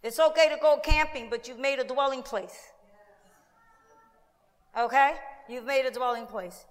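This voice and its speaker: A woman pastor preaching a lively sermon, acting out quoted voices with asides to the congregation. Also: sits high, measured pace, in a large hall.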